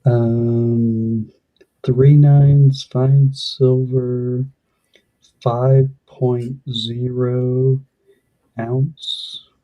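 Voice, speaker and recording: A man chatting casually on a stream, making slow, low-key remarks. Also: level tone. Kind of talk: casual chat. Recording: dull, muffled audio.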